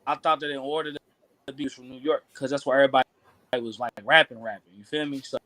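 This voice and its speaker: Male rapper, 30s, Kentucky Southern accent, relaxed slangy storyteller, mid pitch, dry recording. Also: fast talker, dry recording. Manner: laid-back slangy storytelling. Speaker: rapper guest. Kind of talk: casual interview chat.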